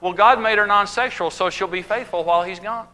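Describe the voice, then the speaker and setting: A man's voice: high-pitched, fairly quick. A man teaching on marriage with humor, telling stories and acting out the people in them. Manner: animated storytelling, acting out quoted voices.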